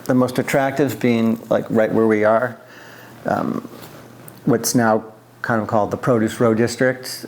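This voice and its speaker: A man's voice: mid-range voice, slight background noise. A middle-aged man from the US East Coast, recalling his past in an oral history interview, with many fillers and restarts.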